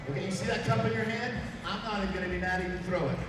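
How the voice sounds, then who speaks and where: A man's voice: high-pitched, quick pace, hardly any pauses, far from the mic, heavy background noise. A man from West Texas with a Texan accent, emceeing a live fitness competition with playful, hyped banter. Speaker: arena emcee. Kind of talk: hyped live event announcing. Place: large indoor arena. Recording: echoey arena PA heard from afar. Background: loud music.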